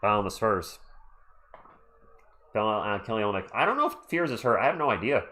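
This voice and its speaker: A man hosting a casual livestream from home and calling a basketball game play by play. He chats excitably, breaking off to read out messages from chat, with his voice close on a desktop microphone. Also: fairly low pitch, brisk. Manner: chatty, excitable, reads chat aloud. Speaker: livestream host. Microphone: USB desktop microphone.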